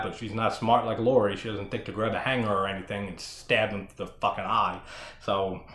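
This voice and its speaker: A man talks through a horror film in a loose, chatty way, full of swearing and quick laughs. His pitch swings widely up and down as he reacts. The room has a clear, roomy echo. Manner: animated, profane, laughs often. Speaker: horror podcast host. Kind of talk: casual film discussion.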